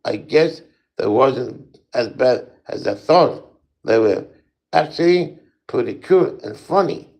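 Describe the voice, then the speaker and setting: A man reading a first-person spooky story aloud in a halting way, with small slips and restarts. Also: medium pitch, animated, a little mellow, rough recording.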